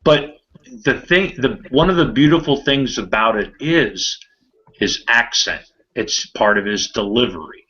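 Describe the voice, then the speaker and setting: A man's voice: mid-range voice, a little slow, bright, forceful tone. A man hosting a casual group video chat, talking in a chatty, crude and joking way. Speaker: podcast host. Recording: dull lo-fi video-call audio.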